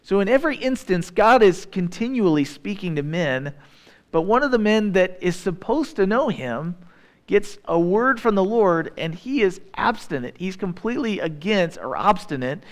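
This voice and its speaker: A man preaches a sermon in a loose, conversational way, retelling the story and putting questions to his listeners. His voice sits a little on the high side for a man. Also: expressive, normal speed. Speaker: pastor.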